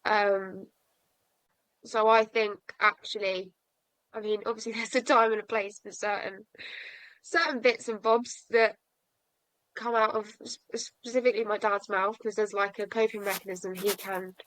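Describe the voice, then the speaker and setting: A woman's voice: mid-range voice, level tone, moderate pace, a bit bright, no echo, rough recording. A young woman telling a personal story to a podcast host, frank and self-mocking, laughing through sad memories. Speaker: podcast guest.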